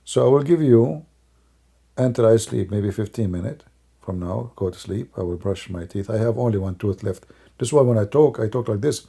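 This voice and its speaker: Gravelly, husky man mocking sarcastically. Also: lowish voice, animated, moderate pace, mellow. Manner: mocking, sarcastic, non-native English grammar. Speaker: online religious commentator. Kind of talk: live-stream commentary.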